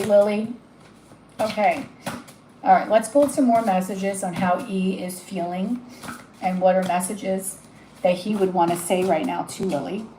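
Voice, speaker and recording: A woman's voice: mid-range voice, mellow, reverberant, slight background noise, poor audio. A woman giving a live tarot reading, gushing and emotional as she talks straight to the viewer. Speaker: tarot reader.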